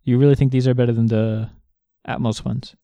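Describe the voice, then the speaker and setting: A man's voice: mid-range voice, flat delivery, a little fast, mellow, dry recording. A man co-hosting a casual chat, asking teasing, jokey questions and laughing easily. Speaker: co-host.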